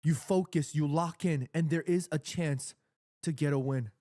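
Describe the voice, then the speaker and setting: A man hosting a live football watchalong stream from his apartment, talking to his chat in excitable, emotional, slangy fan talk. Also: on the high side, moderate pace, dry recording, clean studio sound. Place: home apartment with neighbors nearby.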